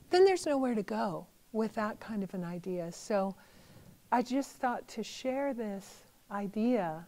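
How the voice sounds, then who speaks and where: A middle-aged woman, a Buddhist teacher, giving a gentle, thoughtful talk in a conversational way with small fillers. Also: medium pitch, lively intonation, measured pace, low-quality recording. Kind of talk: reflective talk.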